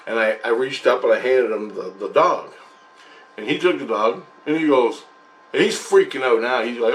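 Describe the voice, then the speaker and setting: A man who hosts his own channel, casually retelling a dream in a rambling, halting way full of restarts. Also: medium pitch, expressive, a little hiss or hum. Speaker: channel host sharing spiritual experiences. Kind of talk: casual spoken recounting of a dream.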